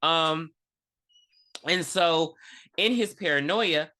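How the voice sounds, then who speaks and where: A man co-hosting a movie-review podcast, recapping the plot with sarcastic jabs and plenty of swearing. His voice is bright and forceful. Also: a little high, takes it slowly. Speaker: podcast co-host. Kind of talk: casual movie review chat.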